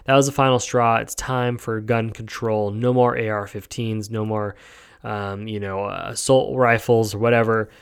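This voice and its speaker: A man's voice: lowish voice, level tone, a little slow, gravelly, clean tone. Rambling sarcastic man hosting a podcast. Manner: rambling, sarcastic, lots of ums. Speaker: podcast host. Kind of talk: casual solo podcast commentary.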